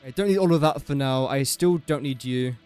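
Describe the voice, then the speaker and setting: A man's voice: medium pitch, brisk, a little mellow, clean tone, faint music behind. A young man casually commentating his gameplay on a livestream, chatty and joking at his own expense. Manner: chatty, self-mocking, joking asides. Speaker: gaming livestreamer.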